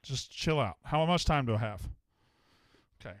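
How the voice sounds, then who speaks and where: A man's voice: mid-range voice, animated, moderate pace, no echo, studio quality. A man hosting a casual sports talk show, rambling, joking and swearing as he talks with a caller. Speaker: host.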